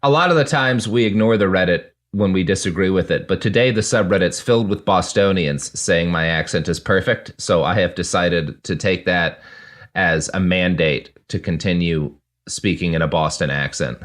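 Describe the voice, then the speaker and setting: A man hosting a comedic podcast, joking in a deadpan, self-satisfied way. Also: low voice, normal speed. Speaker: podcast host.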